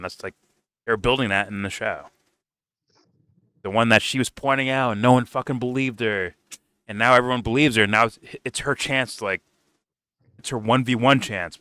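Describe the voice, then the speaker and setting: Bright, crisp-voiced man ranting casually. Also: lowish voice, no room sound. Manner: profane, loose, full of likes and restarts. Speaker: TV show reviewer. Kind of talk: casual rambling review.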